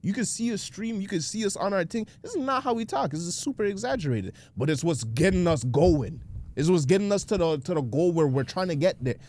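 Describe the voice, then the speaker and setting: Man co-hosting a podcast; easygoing explainer, voice fairly high and animated. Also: fairly quick. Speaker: podcast co-host. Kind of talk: casual podcast chat.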